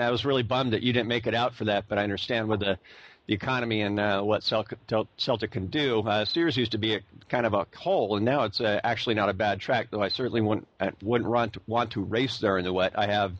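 A man's voice: lowish voice, dull audio. An American man hosting a podcast interview, rambling with lots of fillers and restarts. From United States. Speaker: podcast host. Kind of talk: casual interview.

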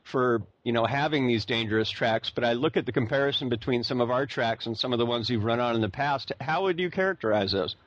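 A man's voice: medium pitch, fairly quick, few pauses, muffled recording. An American man hosting a podcast interview, rambling with lots of fillers and restarts. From United States. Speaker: podcast host. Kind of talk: casual interview.

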